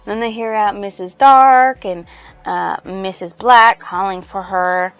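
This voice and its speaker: A woman reviewing a book casually sums up its plot, rambling loosely with plenty of fillers and "she's like." Her medium-pitched voice is a little slow, recorded dry with faint music behind.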